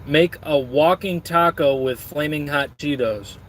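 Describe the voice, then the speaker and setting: Streamer type, man, rambling and crude, joking with chat, a bit high-pitched. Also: unhurried, a bit bright, slight background noise.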